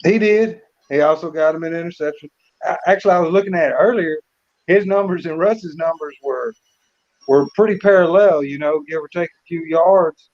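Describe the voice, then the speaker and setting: A man co-hosting a casual sports picks chat, relaxed and repeating words as he thinks. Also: on the high side, normal speed. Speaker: co-host. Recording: slightly dull lo-fi audio.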